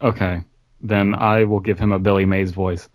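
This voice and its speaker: A man's voice: lowish voice, normal speed, dry recording. A man co-hosting a comedy podcast, laughing and chatting. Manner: laughing, lively. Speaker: podcast co-host. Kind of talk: casual comedic chat.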